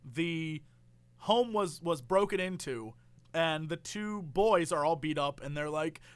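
A man's voice: on the high side, slow pace, clean tone, no echo. A man in casual chat, animatedly retelling a movie plot and acting out the characters' lines. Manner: animated storyteller, acts out quotes.

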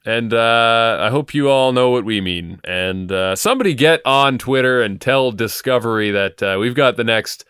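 A man's voice: medium pitch, expressive, moderate pace, few pauses, a bit bright, clear, resonant tone, no echo, studio quality. A man hosting a podcast in casual chat, laid-back as he wraps up the episode. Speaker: podcast host.

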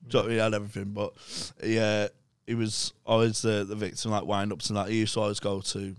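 A man tells crude pub stories in a loose, sweary ramble. His voice is low and gravelly, recorded close and dry. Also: little pitch movement, fast talker, no room sound. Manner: sweary, anecdotal. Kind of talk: casual chat, storytelling.

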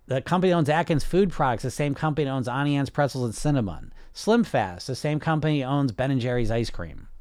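A man's voice: mid-range voice, no room sound, clean studio sound. A man hosting a casual podcast, talking bluntly and passionately, swearing often and restarting his sentences. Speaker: podcast host and weight loss coach. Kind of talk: casual unscripted podcast talk.

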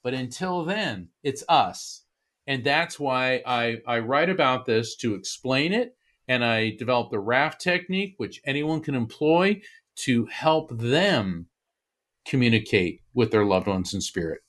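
A man's voice: mid-range voice, a little slow. An earnest man telling a personal story in an interview, with frequent restarts and repeated words. His voice sits in an ordinary middle register. He talks as a medium and author. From Florida. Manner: earnest, animated retelling with many restarts.

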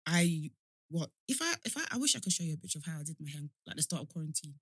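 A young woman, co-hosting a casual podcast chat, animated and teasing with lots of laughter. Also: deep voice, very fast, husky, no room sound, studio quality. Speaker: podcast co-host.

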